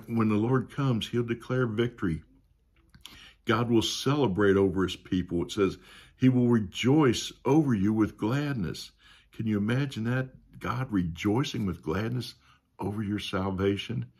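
Husky-voiced man teaching Sunday school. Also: fairly low pitch, measured pace, darkish tone. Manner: conversational, with frequent "you know" asides and rhetorical questions. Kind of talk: teaching a Bible lesson.

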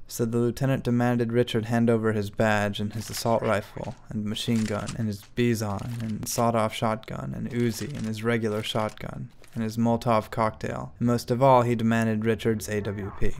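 A man narrating a comedic story in a deadpan, storybook manner. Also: lowish voice, normal speed, hardly any pauses, a little hiss or hum.

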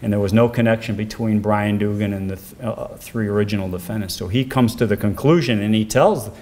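An older man, a former defense lawyer telling a case story in a documentary interview, his pitch rising when he quotes others. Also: a little fast, background noise.

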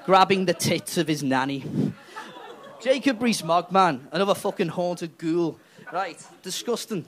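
A high-pitched man tears through a crude stand-up routine on a comedy club stage. He rants and swears, jumping between mock voices and shouted punchlines. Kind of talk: stand-up set.

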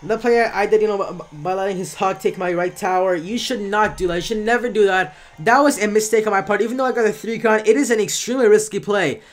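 A man's voice: high voice, quick pace, few pauses. A man giving casual live commentary on his own gameplay, chatty and often correcting himself as he talks through each move.

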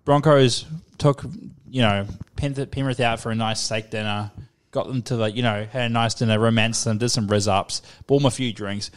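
A man's voice: medium pitch, moderate pace, clear, resonant tone. Crude young man from New Zealand. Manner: crude, swears a lot, animated storytelling. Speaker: podcast co-host. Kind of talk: casual chat.

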